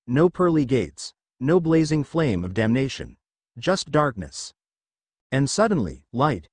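A man's voice: medium pitch, husky, no room sound. A man reading a fan-fiction story aloud as scripted narration, with a dramatic delivery.

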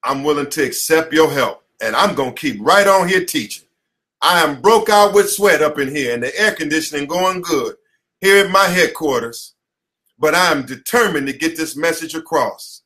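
Passionate American male attorney, high-pitched and forceful, delivering an emphatic, preachy lecture. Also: lively intonation, normal speed. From United States. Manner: preachy, emphatic, repeats slogans. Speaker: attorney teaching a class. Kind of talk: impassioned lecture. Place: his office headquarters, indoors.

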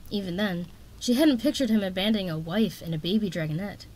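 A woman reading a fantasy novel aloud in a steady, expressive narration. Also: medium pitch, fast talker. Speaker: audiobook reader.

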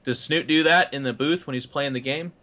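A man, an esports caster, telling an anecdote on a panel show as a lively storyteller who restarts his sentences often. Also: medium pitch, fairly quick.

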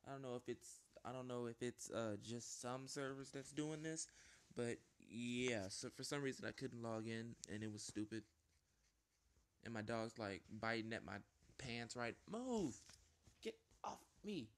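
A man giving live gameplay commentary at home, rambling and self-interrupting, jumping to squeaky panicked yelps and whiny pleading. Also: steady tone, normal speed, clear, resonant tone. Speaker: gaming video host. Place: at home with a small dog.

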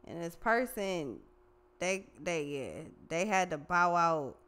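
Woman tarot reader, fairly low voice, foul-mouthed, slangy, lively casual delivery. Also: takes it slowly, clean tone. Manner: profane, slangy and animated.

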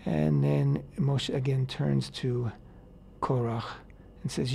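A man on a radio talk show explaining a Bible passage in a casual, animated way, acting out the characters' words in paraphrase. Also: mid-range voice, slow, vocal fry, a little hiss or hum. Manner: animated, acts out quotes in paraphrase, many fillers. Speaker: radio host teaching the weekly Torah portion. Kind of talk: casual Torah discussion on radio.

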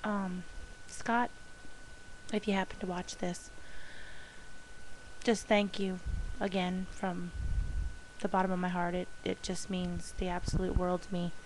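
A woman talking casually in a video diary, gushing with excitement and often pausing with ums and restarts. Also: lowish voice, a little hiss or hum, poor audio. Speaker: vlogger.

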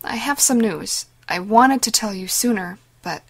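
A woman voicing a mild, gentle priest. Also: mid-range voice, unhurried, husky. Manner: mild and soft-spoken. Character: gentle, jovial middle-aged male priest.

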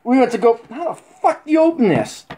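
A middle-aged man rambling crudely in a casual vlog, swearing constantly with rough humor. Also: very high-pitched, very animated, brisk, mellow. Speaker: vlogger. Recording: faint background noise.

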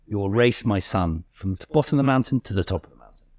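A man mimicking a gruff, bossy older male rowing coach, speaking in curt commands. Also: on the low side, expressive, quick pace, darkish tone, no echo, lightly acted.

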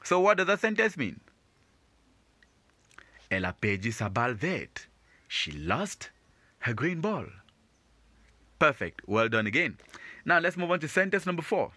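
A man's voice: fairly high pitch, big pitch swings, unhurried, long pauses, pushed and bright, no room sound. A man teaching beginners, patiently repeating and explaining each phrase in a lesson. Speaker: French teacher.

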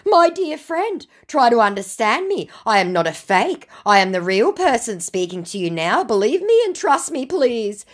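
Lady doing a high sugary scam guy, begging and slow, all over the place. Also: big pitch swings. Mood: fawning. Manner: pleading, syrupy, slow and high. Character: fawning, pleading male online scammer.

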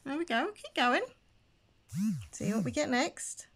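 A woman giving casual gameplay commentary, excitable and chatty, gasping and squealing as she talks to her viewers. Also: sits high, a little slow, slight background noise. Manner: chatty, addresses viewers as guys. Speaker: gaming channel host.

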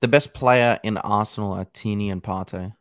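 A man's voice: fairly low pitch, fairly even intonation, normal speed, clear, resonant tone. A young man co-hosting a casual football chat, blunt and opinionated, swearing freely.

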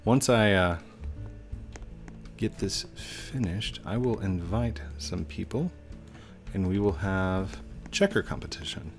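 A man's voice: sits low, lively intonation, slow, gravelly, faint music behind. A man casually commenting while he plays a building game, chatting to himself and his viewers. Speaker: let's play host.

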